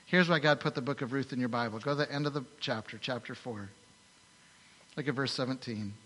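In a large church hall with long reverb, a pastor with a medium-pitched, bright and forceful voice preaches to his congregation. He talks fairly quickly, tells the story animatedly and asks rhetorical questions.

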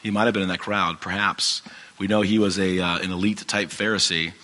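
A man's voice: low voice, level tone, fairly quick, sharp tone, long reverb tail. A man teaching from the Bible in a casual, conversational way, with a strained, fading voice, many fillers and restarts. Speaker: pastor.

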